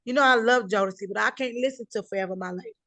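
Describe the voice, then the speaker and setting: A woman's voice: fairly high pitch, very fast, fairly bright tone, dry recording. Middle-aged woman, interview guest, emphatic storyteller who acts out quotes, dry close sound. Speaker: guest telling her life story. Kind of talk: conversational interview.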